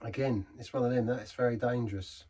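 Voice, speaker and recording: A man's voice: medium pitch, fairly even intonation, fast talker, warm tone, breathy edge, recorded from a distance. A man giving a casual, rambling beer review, often stopping and restarting his sentences. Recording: voice set back from the mic.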